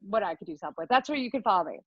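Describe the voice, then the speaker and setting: A young adult woman telling a comic personal story over a video call, rambling with quick asides. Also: mid-range voice, expressive, dry recording. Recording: dry, dull lo-fi video call audio.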